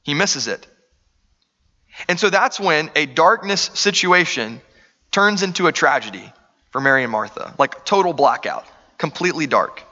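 A man's voice: fairly high pitch, animated, moderate pace, bright, forceful tone, big-room sound, dull audio. A man preaching a sermon, earnest and conversational, asking the room rhetorical questions. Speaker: pastor.

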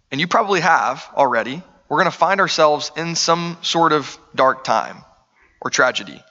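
A man's voice: on the high side, pushed and bright, big-room sound, dull audio. A man preaching a sermon, earnest and conversational, asking the room rhetorical questions. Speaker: pastor.

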